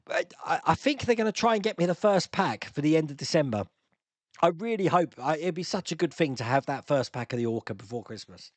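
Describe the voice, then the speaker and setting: A chatty man hosts a casual live-stream Q&A, laughing often as he answers viewer comments. His voice sits a little high and swings up and down with animation. The sound is close and dry. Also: lively intonation, a little fast, no echo.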